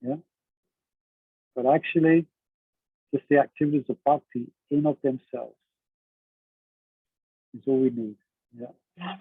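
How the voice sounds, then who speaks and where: A husky-voiced man leads a class at a middle pitch, talking easily and often checking in with his listeners. The sound is dry and narrow, as if heard over a phone line. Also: measured pace, pauses often, dry recording. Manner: conversational, asks the class questions, laughs often. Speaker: teacher. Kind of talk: class on a devotional text.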